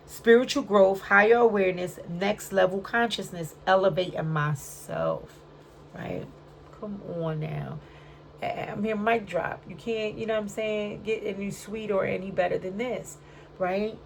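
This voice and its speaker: A tarot reader of Puerto Rican background who grew up in Brooklyn gives a casual spiritual card reading, chatty and full of streetwise slang, often tagging lines with "right?". Her voice is medium-pitched and gravelly at a normal pace, with a little hiss or hum in the background.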